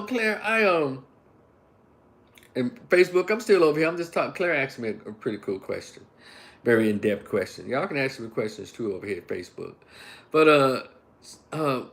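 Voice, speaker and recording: A man in his fifties telling a story on a casual livestream, animated, laughing, blunt and profane. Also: a little high. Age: 50s. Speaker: online commentator.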